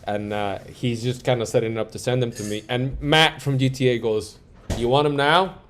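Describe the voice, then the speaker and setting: A male music producer telling stories in a casual interview, animated, acting out quoted dialogue and peppering his talk with "like" and "yo". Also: medium pitch, moderate pace. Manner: frequent fillers like "like" and "yo".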